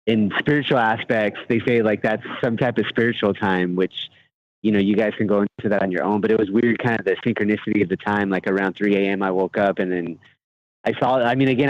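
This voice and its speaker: A man calling in to a radio show, talking hesitantly and rambling with many fillers. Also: on the low side. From United States. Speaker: caller. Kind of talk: phone-in call. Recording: dull phone line.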